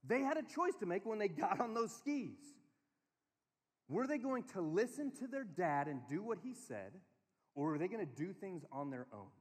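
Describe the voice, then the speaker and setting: A man preaching to a conference crowd, telling family stories in an animated way and giving the room instructions. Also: high voice, moderate pace. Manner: storytelling, animated, quotes his kids in a small voice. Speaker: speaker. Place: large hall. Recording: long hall reverb.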